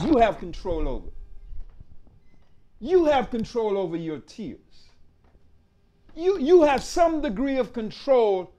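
A man preaching a sermon as pastor, emphatic and repetitive, with call-outs like rhetorical asides to the congregation. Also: very high-pitched.

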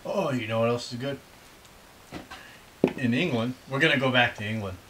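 A man's voice: mid-range voice, normal speed, noisy background. A middle-aged man from the United States, a father hosting a casual snack-tasting video, who rambles and teases with dry jokes. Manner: rambling, teasing, jokey.

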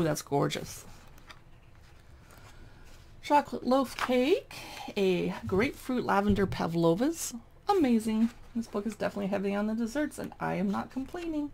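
A woman's voice: medium pitch, gravelly, darkish tone, slight background noise. A woman flipping through a cookbook and chatting eagerly about the recipes. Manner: chatty, enthusiastic, exclaims over recipes. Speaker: cookbook reviewer. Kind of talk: casual cookbook flip-through.

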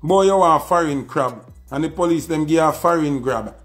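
A man's voice: on the high side, moderate pace, faint music behind. A man with a Jamaican accent delivering a scornful, taunting diss rant, repeating his insults. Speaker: social media personality. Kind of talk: ranting diss video.

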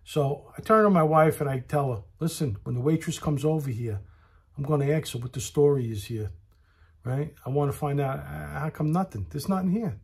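Man, storyteller, husky and slightly high voice, aggrieved rant, confides in the listener. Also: moderate pace. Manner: aggrieved, talks straight to the listener, repeats himself. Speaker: vlogger telling a story.

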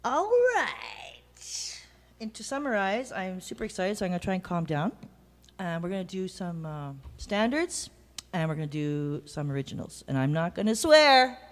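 A woman's voice: on the low side, sing-song, normal speed, in a large hall. A woman from Canada, a jazz singer, bantering playfully between songs with self-mocking asides. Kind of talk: stage banter. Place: jazz club stage. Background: live band instruments.

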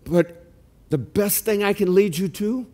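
A man pastor preaching a sermon in a church, earnest and animated, sometimes acting out calls to his flock. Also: high-pitched, measured pace. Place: church sanctuary.

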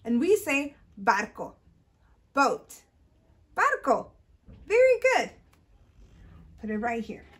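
A woman's voice: a little high, sing-song, unhurried, long pauses. A woman reading a bilingual storytime for small children, sing-song and exaggerated, switching between English and Spanish. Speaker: children's librarian.

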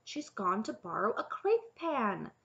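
A woman's voice: medium pitch, animated, normal speed, bright, forceful tone, lo-fi sound. A woman narrator voicing a young princess who speaks firmly and matter-of-factly. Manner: firm and matter-of-fact. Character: young princess, firm, practical, unconventional.

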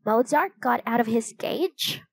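Confident young storybook girl read by a woman, sweet and slow, in a dry sound. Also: on the high side, animated, gravelly, breathy edge, dry recording, exaggerated voice. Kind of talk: storybook reading.

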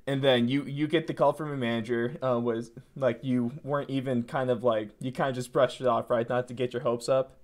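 Halting male interviewer. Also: medium pitch, steady tone. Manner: halting, many restarts, laughs easily. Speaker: interviewer, host. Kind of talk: casual interview.

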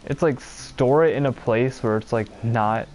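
A man's voice: mid-range voice, unhurried, darkish tone, a little hiss or hum. A young man from Pennsylvania talking casually and profanely over a video game he is playing, often exasperated and rambling. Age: young adult. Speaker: streamer. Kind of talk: casual gameplay commentary.

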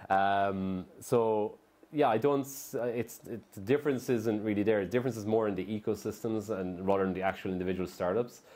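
A man's voice: lowish voice, a little fast, a little mellow. A man, a startup founder speaking in an onstage interview, rambling with many restarts. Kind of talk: conversational interview on stage. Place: live event venue.

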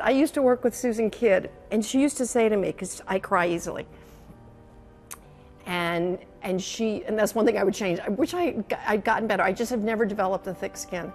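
A woman's voice: mid-range voice, fairly quick, soft background music. A woman in her sixties, a longtime TV news anchor, telling stories in a reflective, emotional conversational interview and often repeating her phrases. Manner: animated, emotional storyteller who repeats phrases.

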